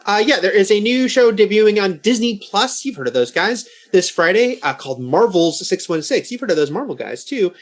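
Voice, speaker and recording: Male panelist, high register, loose and chatty delivery. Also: very animated, brisk, few pauses. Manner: loose, filler-heavy, chatty. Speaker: entertainment panelist and interviewer. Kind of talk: casual chat.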